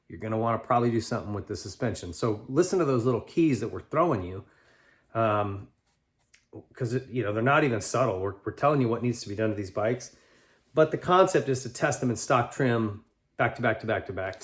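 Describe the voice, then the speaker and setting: A man hosting a talk show, answering listener letters in a loose, rambling conversational way with lots of restarts. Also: mid-range voice. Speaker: podcast host and bike tester. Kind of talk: casual chat answering listener mail.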